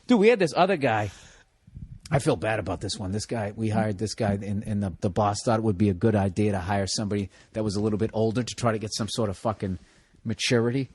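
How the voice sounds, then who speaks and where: A man's voice: lowish voice, fast talker, a little mellow, husky. A man hosting a casual chat, telling rambling, profane stories and laughing through them.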